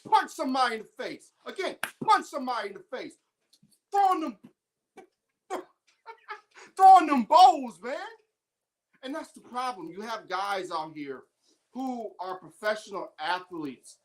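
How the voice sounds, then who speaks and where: A woman's voice: medium pitch, expressive, normal speed, fairly bright tone. A woman hosting an independent sports show, delivering a heated, emphatic opinion monologue.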